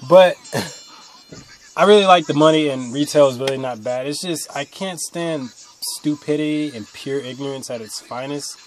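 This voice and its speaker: A young man telling rambling stories to camera in a blunt, casual way, swinging from mutters to loud outbursts. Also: on the high side, moderate pace, slight background noise. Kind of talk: casual storytelling monologue.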